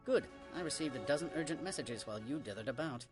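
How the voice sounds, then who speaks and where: A man's voice: medium pitch, animated, fast talker, over music, lightly acted. An actor playing a formal, curt male official in a science-fiction video game.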